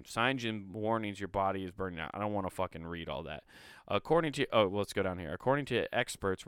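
A man's voice: on the low side, clear, resonant tone, no echo, clean studio sound. A man casually reading an article aloud and breaking off to ramble, swear and make sarcastic asides. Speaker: video host.

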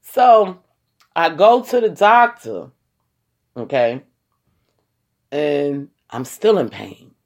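A woman telling a personal story to her viewers in a casual, animated way, talking straight to them and acting out what people said. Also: sits low, drawn-out words, pauses often. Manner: animated, acts out quoted voices; colloquial, addresses listeners as y'all.

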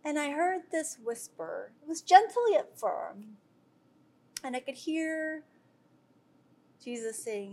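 A woman's voice: a little high, very animated, a little slow, vocal fry, pauses often, a little mellow. A woman earnestly sharing a personal faith testimony with viewers, talking loosely with many fillers and restarts. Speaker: speaker sharing a devotional.

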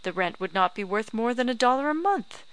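A woman's voice: a little high, animated, brisk, clean tone, voice pushed up. A woman reader voicing a curt, dismissive scheming man.

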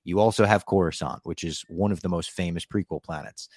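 A man with a very low voice walks through an episode scene by scene, keen and chatty. The sound is dry and close, with no room behind it. He slips into quick quoted lines as he retells it. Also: darkish tone, no echo. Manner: enthusiastic, narrates scenes with acted quotes. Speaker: podcast co-host. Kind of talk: casual episode recap.

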